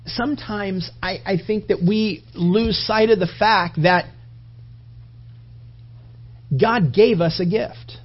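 A man's voice: high-pitched, a little slow, lo-fi sound. A man preaching a sermon in a conversational, rambling way, often restarting his sentences.

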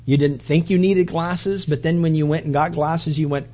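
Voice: mid-range voice, normal speed. A pastor preaching a sermon, telling stories animatedly, stumbling and repeating words as he builds up points. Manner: animated storytelling, acts out quoted voices; frequent restarts and repetitions. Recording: dull lo-fi recording.

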